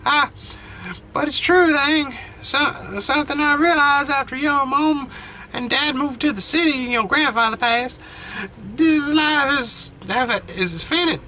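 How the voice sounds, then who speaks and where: A man doing a slow, high, quavering old granny. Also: bright, forceful tone, a little hiss or hum, exaggerated voice, rough recording. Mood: wistful. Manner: slow, drawn-out lines. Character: frail elderly grandmother, tender and fussing.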